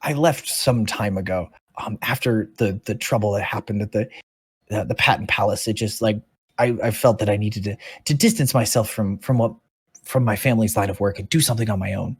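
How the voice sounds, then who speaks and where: A man voicing a cheerful male gnome inventor and shopkeeper who talks high and excitedly and trips over his words. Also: brisk, breathy edge, no room sound. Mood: earnest.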